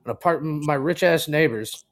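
A man's voice: on the high side, normal speed, a bit bright. A man co-hosting a casual podcast, telling a rambling story with plenty of swearing and acted-out dialogue. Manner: rambling, swears freely, acts out quoted dialogue. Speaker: co-host.

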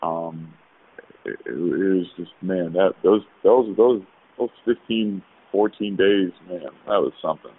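A man, a former pro basketball player, telling rambling, animated stories as a podcast guest over a call. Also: low-pitched, unhurried. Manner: rambling, animated, with frequent restarts. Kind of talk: casual storytelling. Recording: tinny phone-like dry sound.

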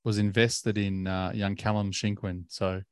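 A man co-hosting a podcast, chatting casually and halting with repeated words. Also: lowish voice, level tone, clear, resonant tone, no room sound, clean studio sound. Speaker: podcast co-host. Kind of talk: casual chat.

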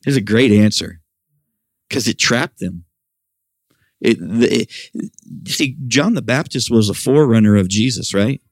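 A man's voice: lowish voice, unhurried, pauses often, no room sound. A middle-aged man preaching a sermon at a church service, talking animatedly and raising his voice for quoted questions. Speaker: pastor.

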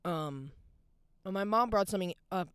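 In a clean studio recording with no echo, a young woman's clear, resonant mid-range voice comes across animated and at normal speed. Hosting her podcast alone, she confides and rambles, "like" popping up in nearly every phrase.

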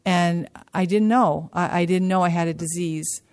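A woman giving a personal testimony as a speaker at a support-group workshop. She talks in a halting, earnest way, restarting sentences and repeating key words for emphasis. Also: fairly low pitch, fairly even intonation, a little mellow. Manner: halting and repetitive, with many restarts and hesitant pauses. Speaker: workshop speaker sharing her recovery story. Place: meeting room at a workshop.

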